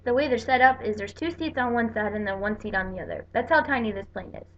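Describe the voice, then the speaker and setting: A young woman from the northeastern US rambles through a casual vlog story, slipping into lively impressions of the people she meets. Her voice sits fairly high. The sound is a dull, lo-fi webcam recording. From northeastern United States. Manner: chatty, animated quoting of people. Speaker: vlogger.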